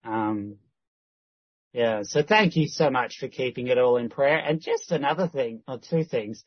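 A man gives a rambling, casual update and keeps restarting his sentences. His voice is husky and the recording is dry. The sound is dull and lo-fi. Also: mid-range voice, unhurried, no room sound. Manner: rambling, with many restarts and quoted dialogue. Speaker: church member giving a prayer update.

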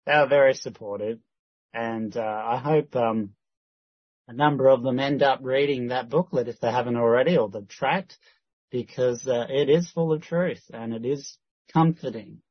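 A man's voice: medium pitch, normal speed, no echo, lo-fi sound. A man talking casually through a rambling update that is full of restarts and quoted conversations. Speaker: church member giving a prayer update.

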